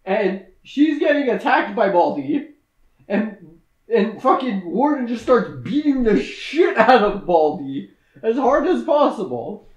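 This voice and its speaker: Podcast co-host, man, high and animated, loose profane movie recap. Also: a little slow, echoey room, poor audio. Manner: laughing, profane, rambling with fillers. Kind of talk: casual movie recap chat.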